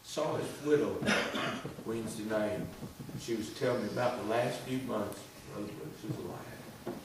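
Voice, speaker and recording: Folksy pastor in an echoey church. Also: male voice, on the low side, normal speed. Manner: folksy, repeats "he said" while retelling a story. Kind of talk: sermon storytelling. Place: church sanctuary. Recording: echoey church from far off, with noise.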